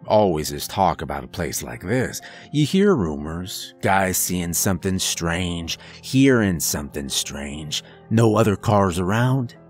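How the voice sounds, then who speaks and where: Guy putting on a low gravelly old-timer trucker, slow drawl, crude folksy talk, faint music under it. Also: heavily acted.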